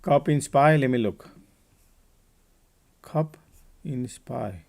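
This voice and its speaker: Gravelly man streaming live market talk. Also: medium pitch, slow, a little mellow. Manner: casual, chatty, talks to viewers by name. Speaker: trading stream host.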